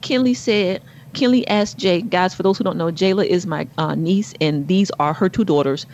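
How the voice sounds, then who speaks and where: Co-host: middle-aged woman, animated storyteller, muffled lo-fi sound. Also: normal speed. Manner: animated storyteller, rises to high exclaims. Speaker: podcast co-host. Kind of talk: casual chat.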